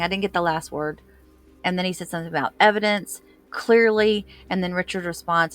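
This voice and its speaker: A woman with a low voice retells a tense interrogation in a casual recap, leaning on fillers and raising her intensity when she quotes heated lines. Faint music plays quietly underneath. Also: fairly even intonation, brisk. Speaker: commentator retelling courtroom testimony.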